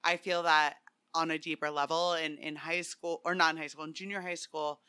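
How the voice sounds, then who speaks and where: A woman's voice: sits low, flat delivery, moderate pace, bright, forceful tone, clean tone. A young woman co-hosting a podcast, teasing and speaking upfront in casual chat. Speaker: podcast co-host.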